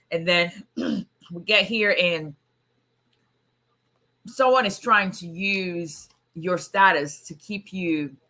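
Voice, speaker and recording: Woman lawyer host, voice worn hoarse, lower pitch but bright and forceful, chatty and welcoming. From immigrant to the US. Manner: chatty, greets viewers by name. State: hoarse, voice nearly gone. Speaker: immigration attorney. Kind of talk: casual livestream chat.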